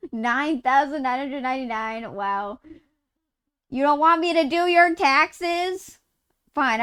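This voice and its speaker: A Utah woman streams a game and chats casually, rambling through a story as she swears and laughs mid-sentence. Her voice is high-pitched with a clean tone.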